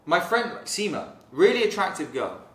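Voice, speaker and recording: A man's voice: high-pitched, sing-song, moderate pace, fairly bright tone. Confident, blunt man in a roomy room. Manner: confident, blunt, swears freely. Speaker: dating coach. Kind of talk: casual podcast chat. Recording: roomy echo, distant mic.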